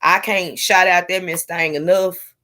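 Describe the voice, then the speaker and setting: A woman's voice: fairly low pitch, fairly even intonation, measured pace, pushed and bright. A young woman in casual live-stream chat, candidly talking to her viewers with sassy asides. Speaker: vlogger sharing her IVF journey.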